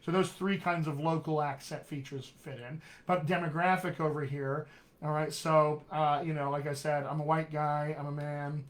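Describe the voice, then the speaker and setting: A man's voice: fairly high pitch, level tone, moderate pace. A man from Colorado with a General American accent tinged with West Texas and upstate New York, teaching a live online accent lesson in an emphatic, friendly way. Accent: General American with West Texas and upstate New York traces. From Colorado, USA. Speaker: dialect coach.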